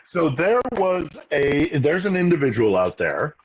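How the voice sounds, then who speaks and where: A man's voice: on the high side, sing-song, measured pace, dull audio, slight background noise. A man giving casual political commentary on a live stream, rambling with restarts and asides. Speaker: regular guest commentator. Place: in Ukraine.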